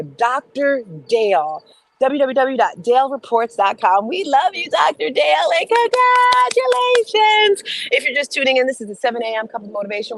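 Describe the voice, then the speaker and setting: Energetic woman hosting a motivational talk. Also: mid-range voice, slight background noise, rough recording. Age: middle-aged. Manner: energetic, emphatic, talks straight to viewers. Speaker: motivational host. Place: outdoors in morning sun.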